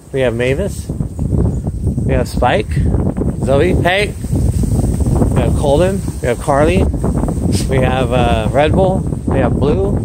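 Amid very noisy surroundings, a man with a fairly high voice gives upbeat, casual vlog commentary as a dog trainer outdoors in a yard. He explains his dogs' behaviour and calls to them by name between explanations.

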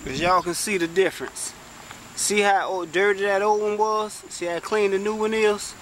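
A man's voice: high-pitched, fairly even intonation, normal speed, a bit bright, a little hiss or hum. A man doing a casual how-to car repair vlog, chatty and exclaiming often as he talks straight to viewers while working inside a parked car. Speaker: vlogger.

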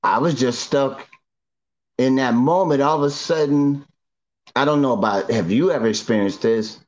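A middle-aged man from Northern California tells his testimony in a loose, slangy, repetitive way, circling back and restarting lines as he goes. His voice sits at an ordinary middle pitch. The recording sounds a little dull and lo-fi. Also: normal speed, a little mellow. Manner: repetitive, slangy storyteller who restarts often. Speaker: guest giving a testimony. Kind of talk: emotional first-person storytelling.

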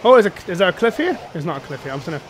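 A young man streaming a co-op game with friends, excitable and quick to yelp and laugh when things go wrong. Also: high voice, slight background noise. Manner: excitable, yelps and laughs in panic. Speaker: gameplay streamer. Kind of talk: co-op gameplay commentary.

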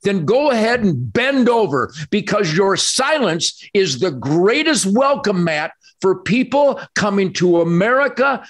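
A man's voice: sits high, fairly bright tone. A man hosting a show, giving impassioned political commentary that piles up emphatic repeated phrases. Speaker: show host.

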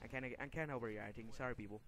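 A man's voice: mid-range voice, very fast, fairly bright tone. Angry young man narrating gameplay. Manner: frustrated, swearing, easily angered outbursts. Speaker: gaming video creator. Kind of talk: gameplay commentary.

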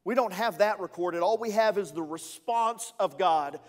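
A man's voice: sits high, moderate pace, big-room sound. A male executive pastor preaching a sermon in a playful, conversational way, with asides to the congregation.

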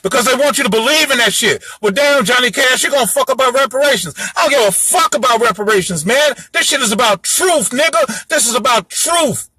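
Fiery, high-voiced ranting man. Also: expressive, a little fast, few pauses, bright, forceful tone, breathy edge, no echo. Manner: fiery, profane, preachy ranting. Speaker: host lecturing his audience. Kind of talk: heated solo monologue.

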